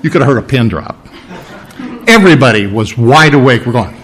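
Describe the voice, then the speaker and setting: A man's voice: mid-range voice, animated, fairly quick, a bit bright. A man preaching a sermon, telling folksy personal stories in a conversational way with frequent asides.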